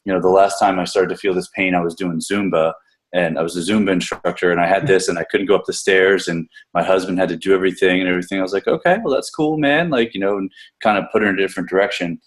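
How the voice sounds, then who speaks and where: In a casual podcast chat, this gym coach talks about a client very fast, his low voice staying level. He rambles on with lots of false starts and swears freely.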